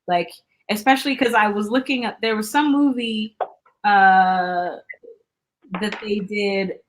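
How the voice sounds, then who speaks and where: A woman's voice: medium pitch, fairly even intonation, unhurried. A woman guest on a podcast, chatting in a bubbly way with lots of filler words. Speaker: actress guest. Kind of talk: casual chat.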